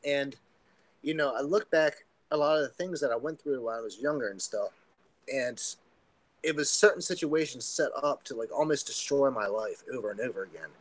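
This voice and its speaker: A man's voice: mid-range voice, moderate pace, no room sound, rough recording. A man speaking as a podcast guest, telling a personal story in an earnest, rambling way with many fillers and restarts. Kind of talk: casual storytelling.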